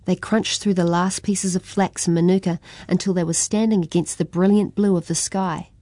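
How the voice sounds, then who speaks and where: Brief: New female storyteller, steady expressive narration, mellow tone. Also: lowish voice, moderate pace, no room sound. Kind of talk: children's story reading.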